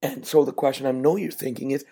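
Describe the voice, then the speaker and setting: A man's voice: mid-range voice, fairly even intonation, fast talker, dark tone. A middle-aged man hosting a podcast, telling a chatty, folksy story that builds to a business lesson. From Canada. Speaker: podcast host.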